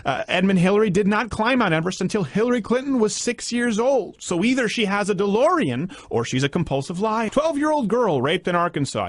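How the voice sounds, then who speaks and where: A man narrates a political commentary with emphatic, sarcastic asides. His voice sits fairly high and swings widely in pitch. It is recorded close and dry. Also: fairly bright tone, no echo.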